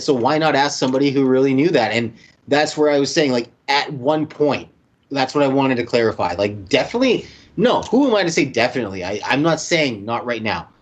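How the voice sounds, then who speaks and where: A man from Winnipeg co-hosting a sports talk show, playful and provocative. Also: mid-range voice. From Winnipeg, Canada. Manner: playful, teasing, provocative, animated. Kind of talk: casual sports chat. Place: indoors, dressed in shirt and tie.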